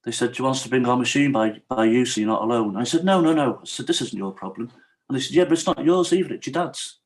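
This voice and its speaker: A man's voice: mid-range voice, fast talker, poor audio. A man, a podcast guest, telling a true story in a casual interview and acting out the quoted dialogue.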